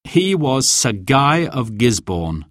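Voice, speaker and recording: A male storyteller reading aloud at an unhurried pace, his pitch rising and falling in a lively way. The sound is dry and close to the mic. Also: no echo.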